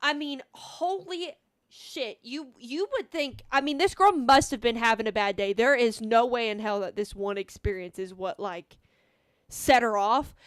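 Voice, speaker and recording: A young woman with a high voice tells a rambling storytime over her gameplay. She fills it with "like" and swears freely. The sound is dry and close. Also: measured pace, dry recording. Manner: rambling, swears a lot, lots of "like". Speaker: vlogger. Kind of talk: casual storytime while gaming.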